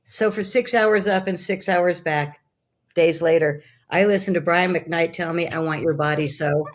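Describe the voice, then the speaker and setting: A middle-aged woman, a guest, telling a personal story in a lively, animated way and acting out her own quotes. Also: on the low side, moderate pace. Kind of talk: casual storytelling.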